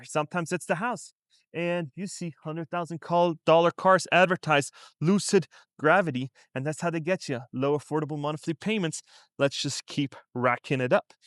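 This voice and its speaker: A man vlogs about finances in a relaxed, conversational tone, his voice sitting a little high for a man. He keeps throwing rhetorical questions at the viewer. The sound is dry and close, with no room echo. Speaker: finance vlogger. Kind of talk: casual commentary to camera. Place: outside a store in a shopping district.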